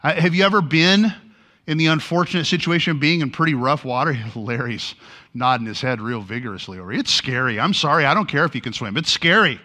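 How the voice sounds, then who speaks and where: A pastor preaching a sermon, telling a story with lively energy and acting out the lines he quotes. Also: medium pitch, quick pace.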